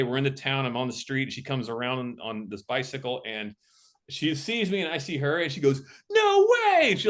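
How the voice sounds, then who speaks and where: A man's voice: medium pitch, a bit bright. A man, a film director and camera operator, tells stories as a guest in a casual interview and acts out the voices of people he quotes.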